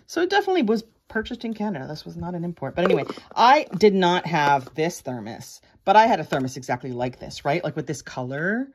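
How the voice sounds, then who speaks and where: Woman in her 40s showing off collectibles, low-ish voice that bounces all over, chatty and rambly. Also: big pitch swings, fast, few pauses, noisy background. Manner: chatty and rambling, lots of fillers and little laughs. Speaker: vintage toy collector vlogger. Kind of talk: casual show-and-tell vlog.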